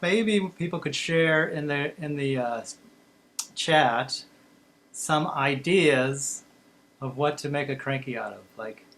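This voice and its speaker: Guy hosting a kids' workshop on a video call, slow and easygoing, lots of ums, mid-pitched voice. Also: a bit bright. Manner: unhurried, pausing with fillers. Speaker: children's workshop host. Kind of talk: casual online workshop talk.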